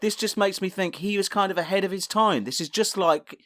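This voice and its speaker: A co-host with a fairly high voice chats and cracks crude jokes on a comedy podcast. He reacts fast to his partner's story, and the sound is close and dry. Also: a bit bright, no room sound. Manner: crude, joking, quick to react. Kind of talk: casual comedy chat.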